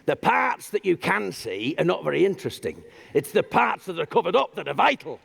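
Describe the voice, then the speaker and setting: A man voicing a charming company boss with a folksy Gloucestershire drawl, smooth and self-assured. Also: sits high, very animated, brisk, in a large hall, background noise, full character voice. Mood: sly.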